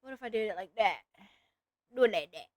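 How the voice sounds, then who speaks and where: This young woman streamer talks casually with her viewers while she draws, giggly and poking fun at herself. Her voice is medium in pitch, animated and a little quick, captured in a dry recording.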